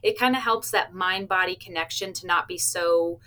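A woman's voice: lowish voice, normal speed, bright, forceful tone. A woman who works with cardiac stress tests, answering interview questions in an upbeat, plain-spoken way with small laughs. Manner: upbeat, explains plainly with little laughs and playful patient quotes. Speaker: cardiac stress test staff member.

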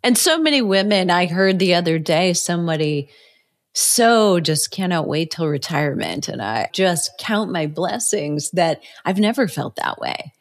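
Low-voiced woman in her fifties. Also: animated, unhurried. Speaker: fitness educator guest. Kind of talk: interview conversation.

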